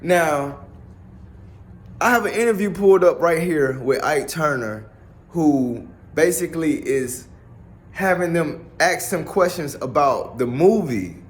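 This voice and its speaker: Blunt, profane man talking slowly. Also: fairly high pitch. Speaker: commentator. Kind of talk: casual opinionated monologue.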